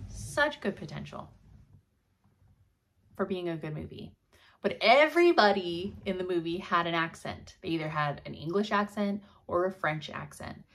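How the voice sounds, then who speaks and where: A woman in her thirties hosting a casual, rambling video chat, full of ums and likes. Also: fairly low pitch. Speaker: video host.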